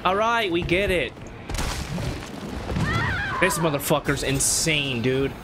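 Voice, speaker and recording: Male gamer, lively swinging pitch, casual commentary, noisy game sound underneath. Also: slow. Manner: swings from mumbled planning to panicked yelling. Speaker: gaming YouTuber. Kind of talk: let's play commentary.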